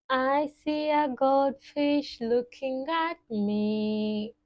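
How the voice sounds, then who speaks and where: A woman teaching toddlers, speaking in a slow, sing-song, exaggerated way. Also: high voice, darkish tone. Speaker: children's teacher. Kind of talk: toddler lesson.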